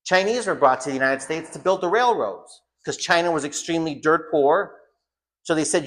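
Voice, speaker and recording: A man's voice: fairly high pitch, animated, normal speed. A man giving an informal home school lecture, blunt and emphatic, often repeating phrases for stress.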